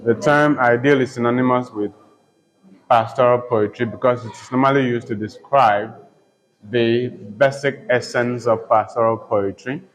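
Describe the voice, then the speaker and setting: A man's voice: mid-range voice, fairly even intonation, moderate pace, low-quality recording. A man teaching a poetry lesson, repeating each term several times and spelling words out letter by letter. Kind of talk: slow poetry lesson with dictation.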